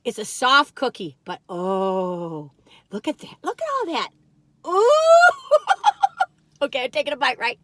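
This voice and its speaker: A woman's voice: a little high, very animated, normal speed, heavy background noise. A woman reviewing cookies in a chatty, folksy vlog, often calling her viewers "you all". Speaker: food review vlogger.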